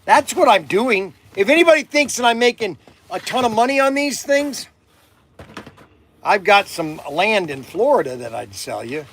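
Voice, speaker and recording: This older man speaks in a high register and rambles along with easy jokes. He interrupts himself often and keeps a loose, chatty flow as the host. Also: big pitch swings, moderate pace, fairly bright tone, a little hiss or hum. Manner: rambling, joking, self-interrupting. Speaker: host of a toy shop channel. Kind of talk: casual chat on camera.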